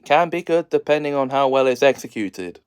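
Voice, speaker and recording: A man's voice: mid-range voice, animated, a little fast, clean tone. A man hosting a casual solo video, jokey and sarcastic, laughing often between lines. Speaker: video host.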